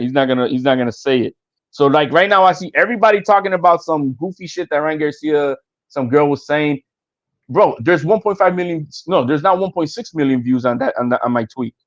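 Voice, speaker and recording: A man's voice: on the high side, no echo, muffled recording. A man talking boxing on a casual podcast, stammering and repeating words, with some swearing.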